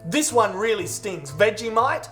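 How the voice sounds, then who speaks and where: A man's voice: high voice, measured pace, soft background music. Profane Australian man doing comedic commentary. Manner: profane, mock-outraged, animated. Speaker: comedy video narrator.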